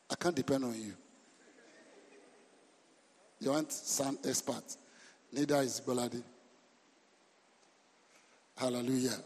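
A middle-aged man, a senior pastor preaching an animated sermon who repeats words and asks the congregation questions. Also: medium pitch, slightly rough. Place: church hall. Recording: reverberant church hall.

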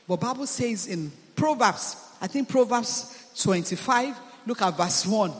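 High-voiced preacher in an echoing hall. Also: male voice. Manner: emphatic, repeats phrases, calls hallelujah. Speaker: preacher, deliverance minister. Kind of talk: sermon. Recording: long hall reverb.

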